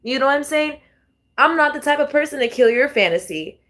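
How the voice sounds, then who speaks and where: Profane, animated woman reading tarot. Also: sits high, brisk. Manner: profane, animated, laughs often, talks straight to viewers. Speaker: tarot reader. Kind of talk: casual tarot reading vlog.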